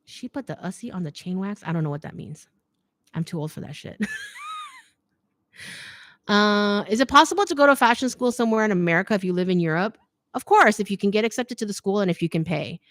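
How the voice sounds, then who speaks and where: A middle-aged woman hosting a casual livestream Q&A, reading comments aloud, chatty and quick to laugh, saying "like" a lot. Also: medium pitch, lively intonation, fairly bright tone. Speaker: fashion YouTuber hosting a live Q&A.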